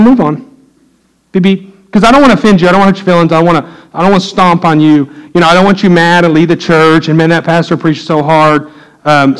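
A man preaching a sermon as pastor in a church, telling a story in low asides and rising into high, urgent preaching. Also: poor audio. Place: church sanctuary.

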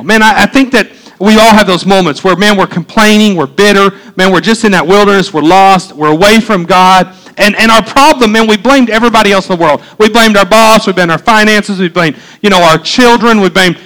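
High-voiced guy preaching a sermon, animated, keeps talking straight to the crowd. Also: fairly quick, few pauses, low-quality recording. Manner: animated preaching with conversational asides. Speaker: pastor.

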